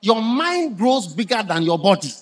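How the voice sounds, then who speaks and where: An older man preaching a live sermon in a large church, asking the congregation questions for them to answer and bursting into shouted emphasis. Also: high voice, big pitch swings, moderate pace. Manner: call-and-response questions to the congregation. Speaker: bishop preaching.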